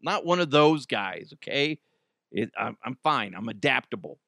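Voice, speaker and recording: A man's voice: mid-range voice, expressive, moderate pace, vocal fry, sharp tone, dry recording, studio quality. A man hosting a casual podcast from home, rambling, joking and riffing. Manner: rambling, jokey, riffing into silly voices. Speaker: podcast host. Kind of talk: casual solo podcast chat. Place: home basement.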